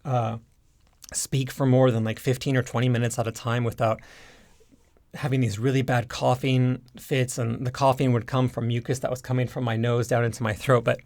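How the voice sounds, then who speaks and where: Gravelly-voiced man explaining casually. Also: mid-range voice, moderate pace. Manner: relaxed, rambling, frequent fillers and restarts. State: stuffed up nose from hay fever. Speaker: YouTube language teacher. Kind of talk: casual explanatory talk to camera.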